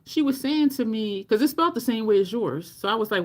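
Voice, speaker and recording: A woman's voice: mid-range voice, expressive, measured pace, a bit bright. Chatty middle-aged woman doing makeup live. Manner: chatty, reads and answers live chat, laughs often; acts out quoted people in her stories. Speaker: makeup livestream host. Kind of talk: casual chat while doing makeup.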